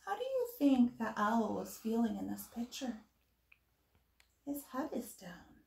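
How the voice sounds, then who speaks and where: A woman teacher reading a picture book aloud to children in an animated way, stopping to ask her listeners questions. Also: fairly high pitch, unhurried, vocal fry. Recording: echoey room.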